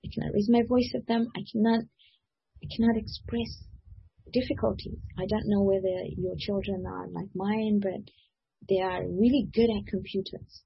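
A middle-aged woman giving a Quran commentary lecture, reciting verses quickly and then explaining them slowly in English. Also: medium pitch, fairly even intonation, vocal fry, breathy edge, lo-fi sound. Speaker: religious teacher.

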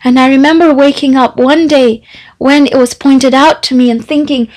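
A woman Quran teacher giving a measured, reflective religious talk with a retold story. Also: sits high, fairly even intonation, darkish tone, poor audio.

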